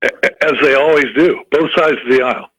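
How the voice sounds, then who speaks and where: Husky, halting male radio caller. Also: on the high side, steady tone, a bit bright, no echo, lo-fi sound. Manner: halting, stumbling restarts. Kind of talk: casual call-in chat.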